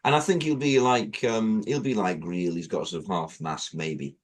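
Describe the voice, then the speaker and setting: A man's voice: low voice, fairly even intonation, moderate pace, crowd noise. A man co-hosting a podcast in casual chat, playfully riffing on ideas. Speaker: podcast co-host.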